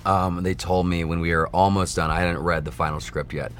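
A man's voice: sits low, fairly even intonation, brisk, slight background noise. A man in his thirties, a guest actor in a casual interview, telling stories animatedly with laughs and many restarts. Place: back room of a bowling alley.

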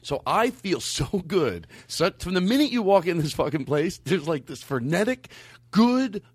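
A middle-aged man hosting a comedy podcast, rambling excitably and laughing often in casual banter. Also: a little high, moderate pace, slightly rough, no room sound. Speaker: host.

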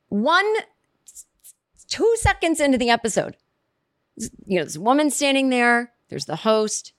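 A woman's voice: fairly high pitch, big pitch swings, moderate pace, long pauses, fairly bright tone, dry recording, clean studio sound. A woman telling a casual comic story, rambling and chatty, acting out quoted reactions as she goes.

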